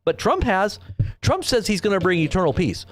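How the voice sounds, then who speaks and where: A man's voice: sits high, very animated, moderate pace. A man hosting a news commentary show, rambling and preachy, repeating himself and firing off rhetorical questions. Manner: preachy, quotes scripture.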